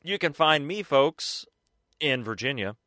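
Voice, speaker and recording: Joking male podcast co-host, bright voice. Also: fairly high pitch, lively intonation, unhurried, no room sound, clean studio sound. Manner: jokey, self-deprecating. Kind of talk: casual joking podcast chat.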